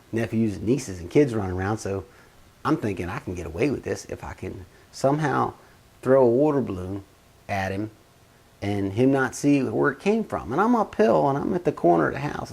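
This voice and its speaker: A man with a middle-pitched voice spins a casual first-person yarn. He is animated, his pitch jumping up and his loudness rising and falling as he tells it. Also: vocal fry, husky. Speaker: storyteller.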